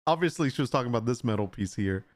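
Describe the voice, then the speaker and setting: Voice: mid-range voice, expressive, rapid-fire. A live-stream host in casual chat, reading viewer requests aloud and often laughing while reacting to photos.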